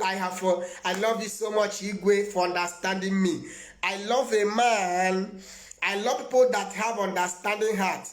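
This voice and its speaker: A Nigerian man with a high voice preaches live to his viewers as a prophet. He talks in an emphatic, rambling way, laughs often and answers viewers by name. His voice rings in an echoey room.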